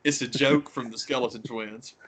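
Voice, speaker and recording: A man's voice: normal speed, husky. A man co-hosting a podcast, talking casually and animatedly, swearing freely and sometimes mimicking people. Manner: animated, swears freely, mimics others in high squawky voices. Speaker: podcast co-host. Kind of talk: casual chat.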